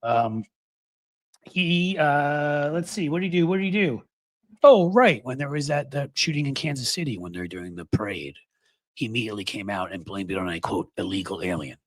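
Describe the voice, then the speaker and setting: A man's voice: mid-range voice, moderate pace, no echo. A man in his fifties from New York City, hosting a political commentary monologue with sarcastic, mocking asides. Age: 50s. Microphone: studio microphone.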